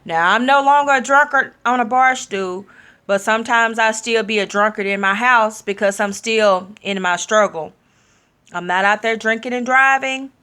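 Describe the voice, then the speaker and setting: A woman sharing a personal testimony in a sermon style, speaking openly and leaning slowly into her key phrases. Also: a little high, pushed and bright, smooth. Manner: slow, drawn-out emphasis, candid and personal.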